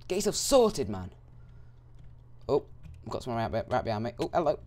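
An excitable young man commentating his own gameplay, his voice jumping all over in pitch as he reacts. He breaks into loud, frustrated outbursts. Faint keyboard typing sits in the background. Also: brisk, pauses often, a little hiss or hum. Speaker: gaming YouTuber.

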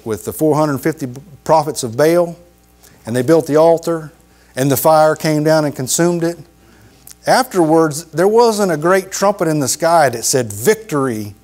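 A middle-aged man preaching a sermon in a folksy, emphatic way, repeating phrases and dropping low for emphasis. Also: a little mellow.

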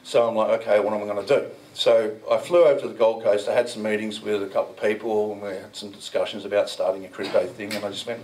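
A man's voice: on the low side, steady tone, fast, hardly any pauses, darkish tone, distant mic, rough recording. A man speaking at a conference, telling a story to the audience in a loose, chatty way with rambling asides and mild swearing. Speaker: conference speaker, crypto business founder. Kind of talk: casual storytelling talk to an audience. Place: indoor event venue.

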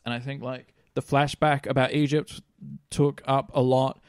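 An Australian man co-hosting a podcast in a middle-pitched voice. He rambles and hedges his points. The recording is dry and close. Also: level tone, moderate pace, darkish tone, clean tone, dry recording. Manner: rambling, hedging with fillers. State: overheated, complaining of heat. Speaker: podcast co-host. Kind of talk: casual chat.

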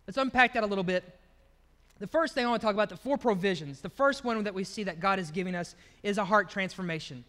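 A man preaches in a relaxed, storytelling way, his voice pitched very high and bright. The sound carries the long reverb of a church hall. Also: fast. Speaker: pastor. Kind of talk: sermon.

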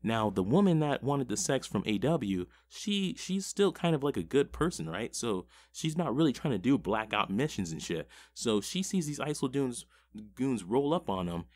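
A man's voice: medium pitch, big pitch swings, normal speed, darkish tone. A man giving a casual, rambling episode recap of a TV show, swearing constantly. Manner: profane, rambling. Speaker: TV show reviewer.

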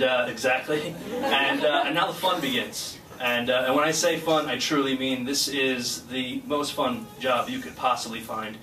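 A man of middle pitch speaks from a stage at a graduation ceremony, telling a personal story in an earnest, chatty way. He is picked up from far away. The hall echoes, and a steady ambient noise sits under his voice. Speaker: guest speaker, flight crew member. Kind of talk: personal speech with anecdote. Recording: distant mic in echoey hall, noisy.

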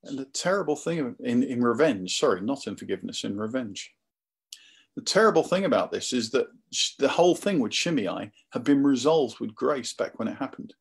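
Male preacher, husky, mid-pitched, lively conversational sermon delivery. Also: fairly quick, few pauses. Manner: conversational storytelling, animated.

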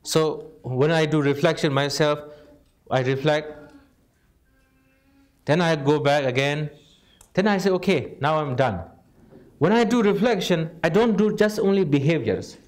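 Lively man teaching with constant "right?". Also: a little high, measured pace, pauses often. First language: Tibetan. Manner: animated, asks "right?" constantly, non-native phrasing. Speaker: Buddhist teacher. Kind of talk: informal dharma talk.

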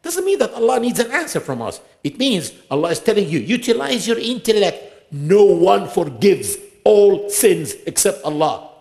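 A man preaching a sermon in a mosque, emphatic, posing rhetorical questions and reciting scripture in quick bursts. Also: high voice, big pitch swings, creaky, a little mellow.

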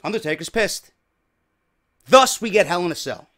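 A man's voice: high voice, lively intonation, moderate pace, a bit bright. A man with a New York accent hosting a wrestling podcast, ranting profanely and firing off rhetorical questions. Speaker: podcast host.

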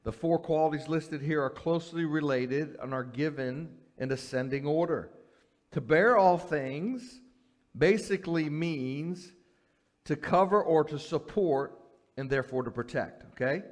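A middle-aged man, a pastor teaching a women's Bible study in a conversational way, repeating his key phrases and checking in with "okay?". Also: on the high side.

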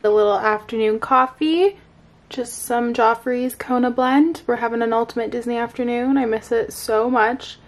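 A woman's voice: fairly high pitch, steady tone, normal speed. A young woman in her twenties talking casually to the camera at home as a vlogger, upbeat and chatty with lots of "like". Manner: chatty, upbeat, filler-heavy. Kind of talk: casual vlog chat.

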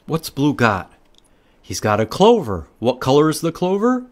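A man reads aloud from a picture book for children at library storytime, speaking at normal speed in a medium pitch. His reading is animated, with questions for the children and animal sounds mixed in.

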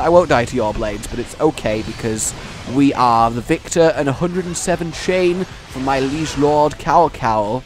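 A man hosting a let's play, rambling excitedly about the game, joking, and breaking into shouts and silly voices. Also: mid-range voice, brisk, soft background music. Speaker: gaming channel host.

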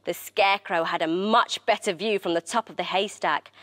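A woman presenter reading a children's story aloud in an expressive, animated way. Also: on the low side, normal speed, no room sound.

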